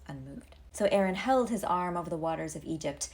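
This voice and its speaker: A woman's voice: fairly low pitch, animated, a little fast, darkish tone. A woman giving a comedic retelling to camera, wry and sarcastic, full of pop-culture asides. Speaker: comedic storyteller.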